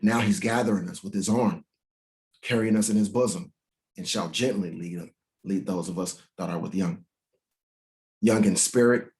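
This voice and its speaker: A man teaching from the Bible, reading verses slowly and then breaking into crude, mocking rants with big swings in pitch and loudness. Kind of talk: profane scripture teaching.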